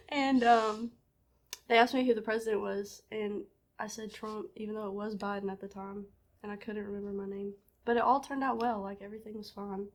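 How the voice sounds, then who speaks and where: A woman telling an embarrassing story in an easygoing, conversational way. Her voice is at an ordinary middle pitch. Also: moderate pace, sharp tone. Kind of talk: casual storytelling.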